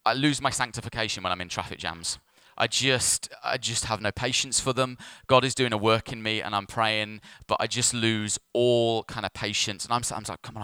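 A man preaching from a church pulpit, telling his story with self-mocking humour. His voice is bright and clean, with a ringing clarity. The sound is close and dry, with almost no room echo. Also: mid-range voice, clear, resonant tone. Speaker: pastor. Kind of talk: sermon.

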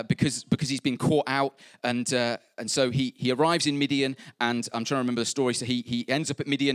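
A man's voice: medium pitch, a bit bright, dry recording, clean studio sound. A man preaching a conversational sermon in church, reading scripture aloud with fillers, asides and little jokes. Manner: conversational, jokey, self-interrupting with fillers.

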